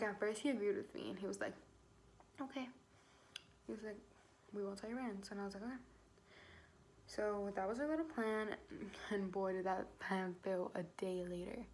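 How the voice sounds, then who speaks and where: Young woman telling her own story in a storytime vlog, speaking at a middle pitch. Her talk is loose and casual, full of "like" and swearing. She acts out what she said at the time, and there is a faint hiss behind her. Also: darkish tone. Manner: casual, swears often, fills with "like". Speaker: vlogger.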